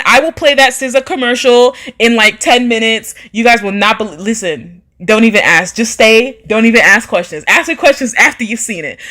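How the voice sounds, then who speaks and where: A woman's voice: a little high, pushed and bright. A woman hosting a casual live stream, reading viewer comments and chatting in an emphatic way, often repeating phrases for effect. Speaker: livestream host.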